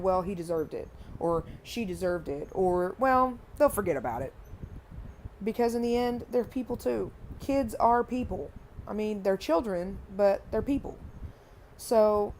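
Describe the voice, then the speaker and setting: A woman with a somewhat high voice gives earnest parenting advice to the camera. She is casual and emphatic, and she circles back to the same points again and again. A faint hiss sits under her voice. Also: dark tone. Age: adult parent. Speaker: parenting vlogger.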